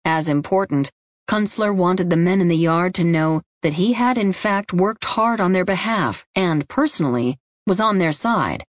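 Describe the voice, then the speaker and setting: Audiobook narrator, woman with a lowish voice, steady scripted delivery, dry booth sound. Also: normal speed, no room sound.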